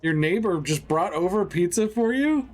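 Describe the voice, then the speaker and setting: A man's voice: sits high, lively intonation, normal speed, soft background music. A man co-hosting a podcast, chatting casually and playing with jokes and wordplay. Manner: joking, playful wordplay. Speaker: podcast co-host. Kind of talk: casual chat.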